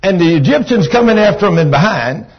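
A Texan preacher with a high, husky voice delivers a folksy, rambling sermon. He talks like an old country boy and gets carried away with enthusiasm. The recording is dull and lo-fi. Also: expressive, fairly quick. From Texas.

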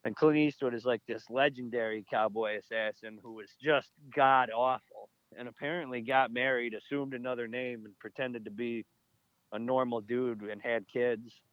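Male co-host, mid-pitched, animated storyteller, slightly dull dry recording. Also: moderate pace, no room sound. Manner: excitable storyteller, animated and laughing. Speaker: podcast co-host. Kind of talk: casual chat.

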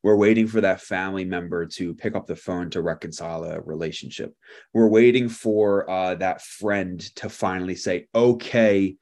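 A male pastor preaching a sermon, telling a lively story and acting out the people in it with laughter. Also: deep voice, moderate pace.

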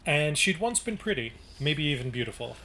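Bright-voiced man reading and chatting. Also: fairly high pitch, very animated, moderate pace, a little hiss or hum. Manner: reads narration then breaks off to comment, with chatty restarts. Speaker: podcast co-host reading a novel aloud. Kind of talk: casual book-discussion podcast, reading passages aloud.

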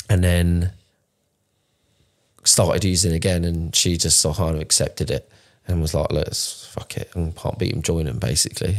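Gravelly deep-voiced man, raw. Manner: raw, emotional, swears often, restarts sentences. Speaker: podcast co-host. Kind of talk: candid conversational storytelling.

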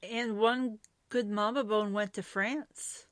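A woman's voice: mid-range voice, fairly even intonation, slow, a bit bright, no room sound. A woman hosting an interview, answering with short exclamations. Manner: brief reactions and exclamations. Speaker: host.

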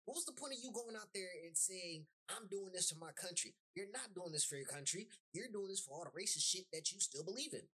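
A woman's voice: medium pitch, expressive, quick pace, hardly any pauses, pushed and bright, slightly rough. A woman hosting a podcast, ranting in a heated, blunt way with heavy swearing and emphatic repetition. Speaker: podcast host. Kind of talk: profane podcast rant.

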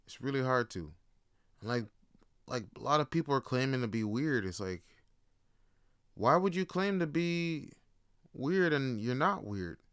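A man's voice: mid-range voice, expressive, unhurried, pauses often, a bit bright, smooth, no room sound, clean studio sound. A man hosting a podcast, talking in a casual, rambling, profane monologue. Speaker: podcast host.

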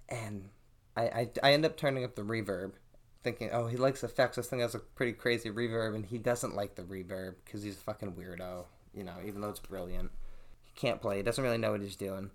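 A man's voice: fairly low pitch, fairly quick. A young man hosting a podcast, telling a story casually and profanely and acting out what people said. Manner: profane, animated storytelling, acts out quotes. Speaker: podcast host.

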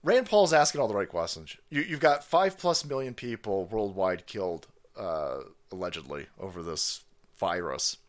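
A man's voice: deep voice, lively intonation, moderate pace. A man hosting a stream, ranting in angry, swearing, mocking commentary on a played clip. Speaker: stream host.

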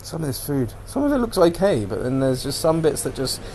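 A man's voice: fairly high pitch, very animated, fairly quick, darkish tone, a little hiss or hum. A man hosting a casual solo podcast, rambling and swearing as he animatedly retells what he watched on TV. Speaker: podcast host.

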